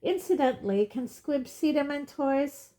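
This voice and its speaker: A woman's voice: sits high, lively intonation, unhurried, pitched above the performer's own voice. A woman reading aloud, voicing a pompous, impatient man of power who speaks loftily and snaps. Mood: lofty. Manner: lofty, snappish, loud. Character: pompous plump male minister, impatient.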